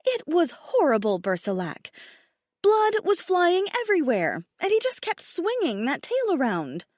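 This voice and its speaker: A woman's voice: extremely high pitch, huge pitch swings, measured pace, no room sound, clean studio sound, pitched above the performer's own voice, heavily acted. A woman voicing a proud, furious female dragon queen scolding her mate in an audiobook. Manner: sharp, indignant, raised voice.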